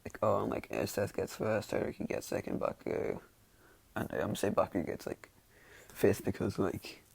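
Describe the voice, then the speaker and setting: A man's voice: fairly low pitch, animated, fairly quick, gravelly, a little mellow, slightly rough, dry recording. A man casually telling a fan-made story in a rambling, hesitant way, restarting often and chuckling along.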